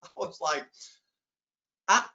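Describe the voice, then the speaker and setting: A man's voice: takes it slowly, bright, forceful tone, echoey room, highs cut off. A man giving a keynote talk, telling a humorous story with self-deprecating asides to his audience. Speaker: keynote speaker.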